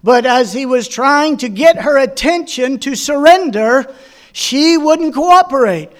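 A middle-aged man delivers a sermon in a strikingly high voice. He leans on homely personal stories and keeps asking the congregation questions to draw them in. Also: animated, measured pace. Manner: folksy storytelling with personal anecdotes. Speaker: pastor.

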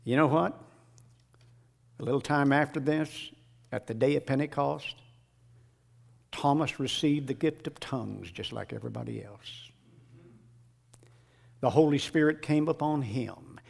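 A man preaching a sermon in a dramatic way, dropping to a hush and then rising to shouts. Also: mid-range voice, unhurried, gravelly, long pauses. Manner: dramatic, swings from hushed to shouting.

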